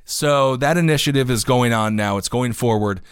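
A man's voice: medium pitch, moderate pace, smooth, no echo, studio quality. A man hosting a podcast, giving casual news commentary with sarcastic asides and growing indignation. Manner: animated, sarcastic, gets indignant. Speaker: podcast host.

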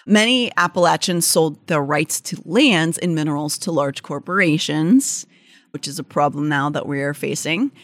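A young woman co-hosting a podcast in a chatty way, with a Pittsburgh accent and a fairly low voice. She slips between loose banter and read-out facts, full of "like" and restarts. The recording is dry and close. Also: normal speed, a bit bright, dry recording. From Pittsburgh area, United States. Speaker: podcast co-host. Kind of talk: casual chat mixed with read-out facts.

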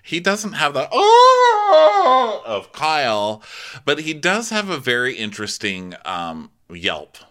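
A man with a bright, forceful voice co-hosts a casual recap podcast. He talks in an animated way, with a lively pitch. He laughs often. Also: measured pace. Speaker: podcast co-host.

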